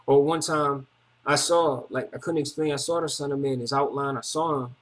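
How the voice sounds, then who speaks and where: A man's voice: mid-range voice, fairly even intonation, normal speed. A man giving a rambling, emotional personal testimony in repetitive, slangy street talk. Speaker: testimony speaker.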